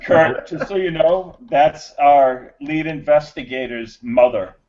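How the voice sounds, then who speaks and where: A man's voice: on the high side, slow pace. A man on a video call as a guest, laid-back, making short remarks. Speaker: app developer guest. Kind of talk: casual chat. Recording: slightly muffled call audio.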